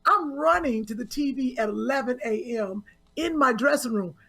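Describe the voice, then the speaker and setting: A woman co-hosting a comedy podcast, loud and teasing, telling stories in animated bursts. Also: high voice, normal speed, breathy edge. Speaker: podcast co-host. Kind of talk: casual comedic chat.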